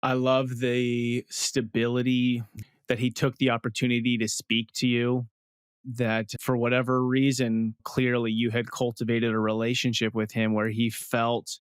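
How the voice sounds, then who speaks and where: A man hosting a podcast, reflecting back on his guest's story in a thoughtful, measured way. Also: medium pitch, completely flat delivery, clean tone, dry recording, studio quality. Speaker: podcast host. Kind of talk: reflective interview talk.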